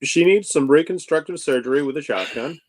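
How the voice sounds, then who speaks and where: A man's voice: a little high, a little fast, darkish tone, no room sound. A man playing a doctor in a tabletop game, joking with the table. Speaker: player. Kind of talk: casual tabletop game play.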